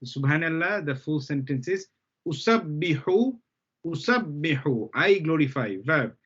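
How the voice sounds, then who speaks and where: A man's voice: a little high, moderate pace, a bit bright, husky. Patient male Arabic teacher, lo-fi. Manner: patient, repeats key terms, checks understanding with "okay?". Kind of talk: live language lesson. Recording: dull lo-fi sound.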